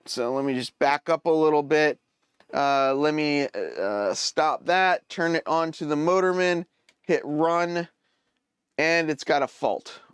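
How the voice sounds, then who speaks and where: A man hosting a casual live stream, thinking aloud as he troubleshoots and answers viewers' chat with hesitant, halting phrasing. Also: fairly high pitch, smooth, no room sound, clean studio sound. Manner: hesitant, many fillers and restarts.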